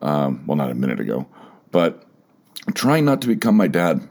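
Low-voiced man, halting and emotional. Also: big pitch swings, darkish tone. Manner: halting, repeats words, fillers, openly emotional. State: emotional, close to tears. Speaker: podcast host. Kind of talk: personal solo podcast.

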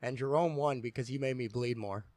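A man's voice: mid-range voice, fairly quick, crowd noise. A man co-hosting a podcast, rambling through anecdotes with crude jokes. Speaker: podcast co-host. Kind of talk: casual chat.

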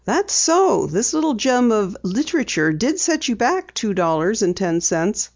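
A woman voicing a mischievous, teasing teenage daughter in a higher, playful voice. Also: sing-song, a little slow, a little mellow, lo-fi sound.

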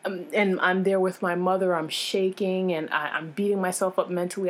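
Lower-voiced woman telling a personal story. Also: normal speed, few pauses. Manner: animated, acts out others' lines in changed voices; frank, emotional retelling with frequent fillers. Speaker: interview guest.

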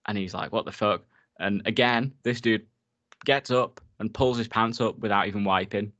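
A man with a lowish voice recaps a film in a loose, giggly way and swears freely. The recording is dull and lo-fi, with a dry, close sound. He talks casually, as if chatting with a friend. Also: moderate pace, fairly bright tone, no room sound.

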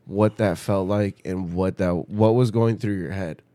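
Low-voiced man asking probing questions. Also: steady tone, unhurried, mellow, no room sound. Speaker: interviewer, podcast host. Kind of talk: casual interview.

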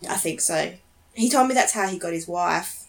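A woman's voice: lowish voice, expressive, normal speed, vocal fry. A woman co-hosting a podcast, chatting casually and laughing easily. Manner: giggly, easygoing. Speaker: podcast co-host. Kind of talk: casual chat.

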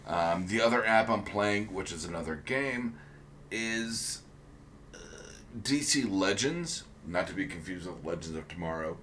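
A man's voice: sits low, expressive, a little slow, a bit bright, slight background noise. A man co-hosting a casual podcast chat, rambling with many ums and restarts. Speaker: podcast co-host.

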